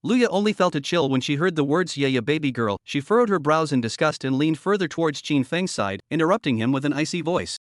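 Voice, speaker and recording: A male narrator reads a story recap in a steady, matter-of-fact way. His voice sits a bit high and comes across close and dry, with no room sound. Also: fairly quick, hardly any pauses, no echo.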